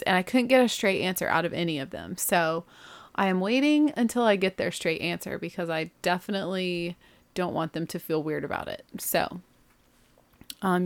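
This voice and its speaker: A woman, hosting a podcast in a rambling, chatty way with lots of "like" and self-corrections. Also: lowish voice. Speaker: podcast host. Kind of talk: casual solo chat.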